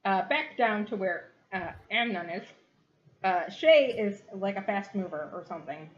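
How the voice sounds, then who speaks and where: A woman's voice: on the low side, a little hiss or hum. Giggly woman running a tabletop game. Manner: giggly and rambling with many fillers. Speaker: game master. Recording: dull lo-fi recording.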